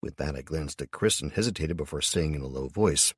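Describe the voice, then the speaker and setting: A man's voice: very deep voice, a little fast, hardly any pauses, slightly rough, no echo, clean studio sound. A man narrating an audiobook in the first person, with a casual, profane storytelling manner.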